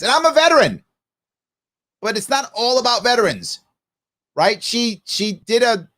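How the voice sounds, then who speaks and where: A man's voice: high-pitched, fairly bright tone. A middle-aged man hosting a live opinion show, giving emphatic commentary and talking back to clips he plays. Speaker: show host.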